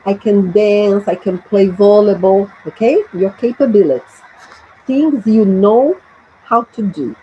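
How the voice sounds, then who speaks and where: A woman's voice: mid-range voice, mellow, lo-fi sound, a little hiss or hum. A woman from Brazil, teaching an English lesson and patiently checking understanding with frequent tag questions. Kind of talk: classroom explanation.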